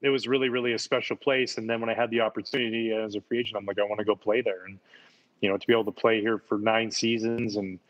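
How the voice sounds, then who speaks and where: A man's voice: fairly low pitch, level tone, quick pace, highs cut off. A man, a former baseball player, chatting casually and telling enthusiastic stories about his playing days, often repeating words for emphasis. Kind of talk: casual chat, storytelling.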